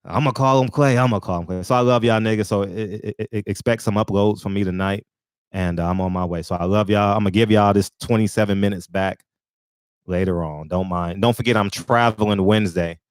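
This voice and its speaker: A man's voice: on the low side, fairly even intonation, brisk, clean tone, no echo. A man hosting a casual live stream, rambling loosely between laughs and talking to his viewers on a phone. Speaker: live-stream show host.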